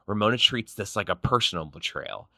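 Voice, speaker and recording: A man's voice: lowish voice, expressive, gravelly, bright, forceful tone, dry recording. A man narrating a reality show recap in a snarky, punchy scripted style. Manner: snarky, punchy, quick quips.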